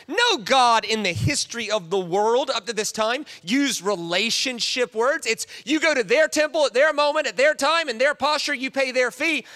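A man delivers a sermon with animated energy, slipping into little acted voices for the people he quotes. His voice sits high and bright. The sound carries the long reverb of a large hall. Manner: animated, acts out quoted voices, restarts often. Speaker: pastor.

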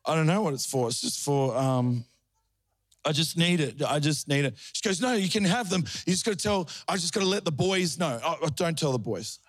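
A man's voice: fairly high pitch, expressive, fairly quick, no room sound, clean studio sound. A middle-aged man preaching a sermon, telling a story and then rising into fervent preaching. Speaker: pastor.

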